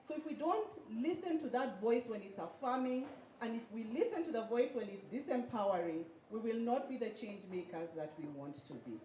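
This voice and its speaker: A woman's voice: on the high side, lively intonation, fairly quick, hardly any pauses, dark tone, a little hiss or hum. A woman giving a motivational speech at a graduation, leading the audience in call-and-response chants. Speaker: speaker at a graduation ceremony. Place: event hall with an audience. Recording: echoey hall.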